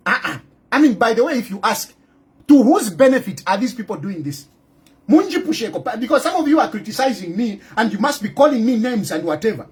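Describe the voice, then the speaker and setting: Zambian guy ranting at politicians, pretty high voice, keeps asking the same question twice. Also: breathy edge. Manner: scolding, rhetorical, repeats his questions. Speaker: political commentator. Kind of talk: impassioned direct-to-camera address.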